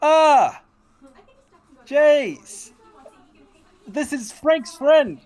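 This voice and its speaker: A woman voicing a strong, friendly male potted plant toon with a bright, eager manner. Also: high voice, expressive, drawn-out words, pitched above the performer's own voice, full character voice. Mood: cheerful.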